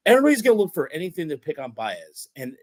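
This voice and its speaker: A man's voice: a little high, no room sound, poor audio. A man hosting a sports podcast, talking casually and ranting with exasperation and lots of restarts. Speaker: podcast host.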